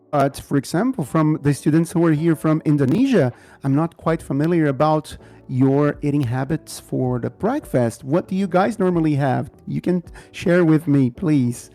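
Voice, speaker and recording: A Brazilian man who speaks Portuguese as his first language, teaching an online English class in a slow, repetitive way and often checking in with "okay?" and "right?". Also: fairly high pitch, creaky, warm tone, soft background music.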